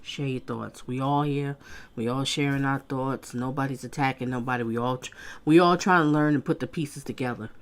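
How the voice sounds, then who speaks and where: A woman's voice: rumbling low, moderate pace. Woman host, casual emotional commentary, talks to her chat. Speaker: livestream host reacting to trial footage.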